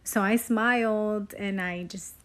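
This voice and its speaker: A woman's voice: medium pitch, fairly even intonation, slow. A mother telling a story to camera about her young daughter in an earnest, hesitant way, with frequent ums.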